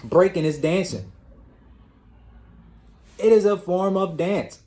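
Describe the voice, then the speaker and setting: The host of a self-improvement channel gives a casual motivational talk directly to his audience, calling them "y'all" and repeating words while he gathers his thoughts. His voice sits high and mellow, moving at a slow pace.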